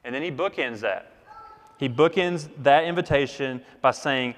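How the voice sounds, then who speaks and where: A man's voice: medium pitch, normal speed, a bit bright, big-room sound. A man preaching a sermon in an earnest, emphatic way, repeating key phrases for weight. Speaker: pastor.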